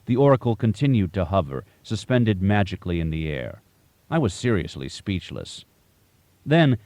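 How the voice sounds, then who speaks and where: Very low-voiced male audiobook narrator. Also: darkish tone, no room sound. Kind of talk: first-person audiobook narration.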